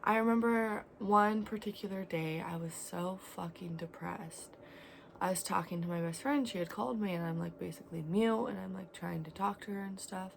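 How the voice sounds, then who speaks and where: A woman in her twenties talking in a candid, rambling vlog about her life, swinging between loud and quiet. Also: lowish voice, moderate pace, creaky, slight background noise. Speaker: vlogger. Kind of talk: casual confessional vlog.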